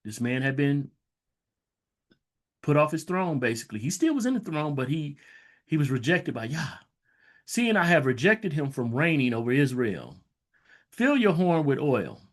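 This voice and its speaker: A man reading scripture aloud slowly and stopping to explain it in loose, conversational asides, like a Bible teacher. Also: fairly high pitch, very animated. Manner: reads verses slowly, then breaks into loose conversational asides. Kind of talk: scripture reading with casual commentary.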